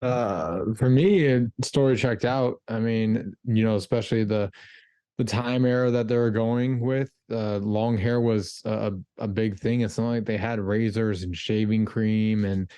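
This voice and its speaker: A man's voice: fairly low pitch, steady tone, measured pace, warm tone, clear, resonant tone, no echo. Easygoing man, dry sound. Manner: easygoing, short answers with fillers. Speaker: podcast co-host. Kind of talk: casual movie discussion.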